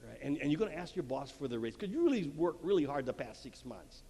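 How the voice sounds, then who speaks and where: A man's voice: a little high, big pitch swings, fast, dark tone. A man giving a talk at a marriage conference, acting out little quotes and laughing at his own jokes. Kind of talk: lively talk to a live audience. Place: church hall before an audience. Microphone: handheld mic. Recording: long hall reverb, faint room noise.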